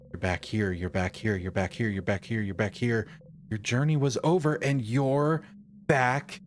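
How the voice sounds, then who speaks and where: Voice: medium pitch, slight background noise. A streamer reading a story game aloud with dramatic narration and breaking off into rambling commentary. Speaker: let's play streamer.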